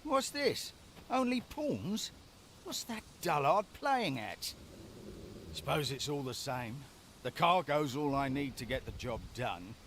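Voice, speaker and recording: Gruff grumbling cargo hauler. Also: male voice, a little high, sing-song, slow pace, a bit bright, a little hiss or hum, full character voice. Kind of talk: video game dialogue.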